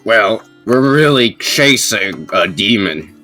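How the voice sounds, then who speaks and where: A man's voice: lowish voice, animated, slow pace, sharp tone, soft background music, exaggerated voice. A man voicing an exasperated tiefling woman who is hunting a demon, sounding apologetic and frustrated. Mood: weary.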